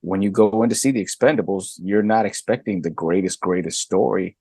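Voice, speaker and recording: A middle-aged man and guest co-host chatting casually, animated, jumping high in pitch when he makes a point. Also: a little fast, slightly rough, no echo, clean studio sound. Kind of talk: casual chat.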